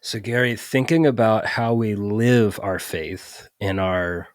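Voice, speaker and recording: Low-voiced male podcast host, dry sound. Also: takes it slowly, dry recording. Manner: thoughtful, sums up the guest's points. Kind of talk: interview questions.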